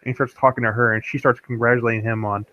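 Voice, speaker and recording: Fast-talking man, dull lo-fi sound. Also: mid-range voice, little pitch movement, no room sound. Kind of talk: casual movie review chat.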